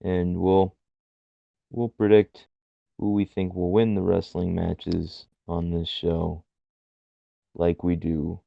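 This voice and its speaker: A man co-hosting a casual wrestling podcast, wry and quick to laugh. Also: low-pitched, level tone, gravelly, no room sound. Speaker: podcast co-host. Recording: dull lo-fi dry recording.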